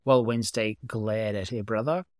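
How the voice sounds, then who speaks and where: A man reading a story aloud as an amateur narrator, calm and even. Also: fairly low pitch, moderate pace, no echo, studio quality. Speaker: amateur reader. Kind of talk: audiobook narration of fan fiction.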